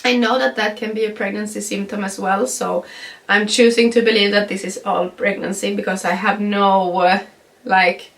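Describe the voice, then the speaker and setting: A woman's voice: medium pitch, level tone, moderate pace, far from the mic. A young Swedish woman, not a native English speaker, with a stuffy nasal voice, chatting through a casual pregnancy update vlog with frequent ums and little laughs. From Sweden. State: stuffy nose. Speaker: vlogger.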